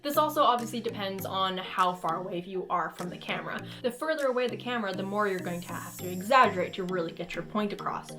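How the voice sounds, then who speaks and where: A woman's voice: medium pitch, lively intonation, fast, hardly any pauses, music in the background. A woman hosting a casual cosplay tutorial, talking to the camera in a playful, goofy way and acting out expressions.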